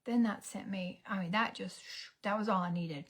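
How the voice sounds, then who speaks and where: A woman, telling a story as a casual get-ready-with-me vlog, dramatic and animated, sometimes dropping to a whisper. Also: mid-range voice, unhurried, gravelly, few pauses. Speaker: beauty vlogger.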